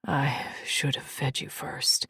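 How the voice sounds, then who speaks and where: Woman doing a fierce alien warrior man for an audiobook, low husky rasp, slow and dry-miked. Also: little pitch movement, no room sound, heavily acted. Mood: tender. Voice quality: husky, whispered. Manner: low growling murmur. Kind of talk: audiobook narration.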